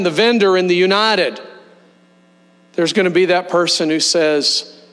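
A man pastor delivering a sermon, leading the congregation in slow, emphatic call-and-response. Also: on the high side, fairly bright tone. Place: church sanctuary. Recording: long hall reverb with mains hum.

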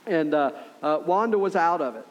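A man's voice: on the high side, expressive, normal speed, dull audio. Earnest conversational male pastor. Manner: conversational and earnest, with frequent "right?" asides. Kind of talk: sermon.

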